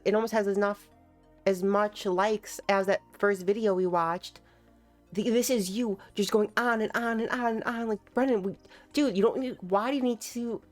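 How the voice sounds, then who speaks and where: A young woman giving casual, teasing reaction commentary on online clips, sarcastic and quick to laugh. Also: medium pitch, darkish tone.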